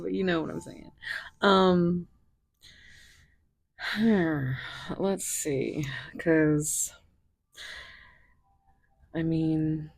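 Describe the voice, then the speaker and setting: A woman reads tarot cards in a low, unhurried voice with a husky edge. She muses and thinks aloud as she goes, filling pauses with ums. The sound is dry and close, with little room echo. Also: animated, darkish tone. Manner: musing, thinks aloud with fillers. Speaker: tarot reader. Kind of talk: tarot reading.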